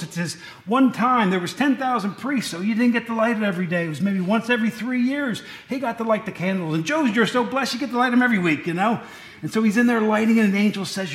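A man's voice: sits high, echoey room. A man preaching a conversational sermon, folksy and digressive, often correcting himself mid-sentence, in a church.

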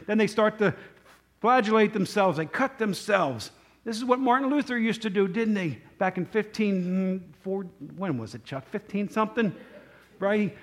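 High-voiced man preaching casually. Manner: conversational storytelling with rhetorical questions. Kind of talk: sermon.

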